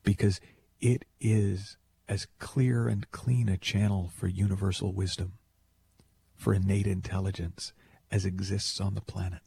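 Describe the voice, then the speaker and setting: A man hosting a call-in radio show, talking in a playful, animated storytelling way. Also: a little slow, a little hiss or hum. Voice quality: deep gravelly voice. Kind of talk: conversational radio monologue.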